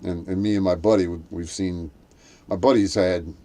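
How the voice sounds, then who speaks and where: Low, dark-voiced man telling a halting story. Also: fairly even intonation. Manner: rambling, halting storytelling with many restarts; acts out quoted voices in a raised pitch. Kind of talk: casual chat.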